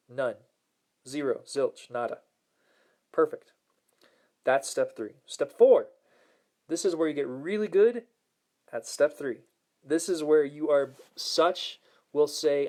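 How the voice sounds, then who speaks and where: A man hosting a motivational self-help talk, upbeat and earnest, repeating key phrases and slowing down to stress his points. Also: medium pitch, darkish tone. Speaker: host and self-help coach.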